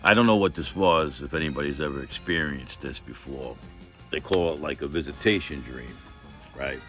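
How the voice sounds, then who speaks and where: A man's voice: a bass voice, normal speed, music in the background. A man vlogger telling a personal story in a rambling, profane, earnest way, full of filler phrases. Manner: earnest, emphatic.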